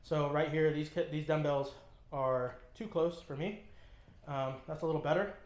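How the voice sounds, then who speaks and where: A man's voice: a little high, steady tone, normal speed. A man working as a fitness trainer, demonstrating and explaining lifts with short coaching cues and frequent ums as he moves. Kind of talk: instructional demonstration. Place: gym, indoors. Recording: echoey gym room.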